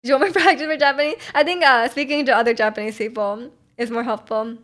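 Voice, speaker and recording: A young woman from North America with a slightly high voice chats on her livestream. She rambles, laughs easily and fills every gap with little fillers, just hanging out with viewers. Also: fairly even intonation, quick pace, a bit bright. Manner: rambling, filler-heavy, giggly. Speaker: livestream host. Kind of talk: casual stream chat.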